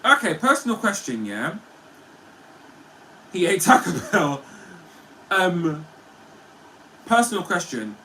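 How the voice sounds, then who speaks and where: This man has a high voice with big swings in pitch and a bright, forceful tone, speaking slowly and pausing often. As host of a laid-back livestream, he banters with his audience, reads out their comments, and keeps laughing in a chatty, playful way. Slight background noise and low-quality recording.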